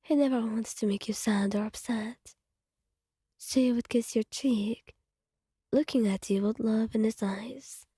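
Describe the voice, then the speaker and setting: A woman tells a whispered role-play story directly to the listener. Her hushed voice is breathy, slow and fairly high. It has a mellow, dark tone, recorded dry and close. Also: steady tone, dry recording. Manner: soft, hushed, intimate second-person narration. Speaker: ASMR storyteller.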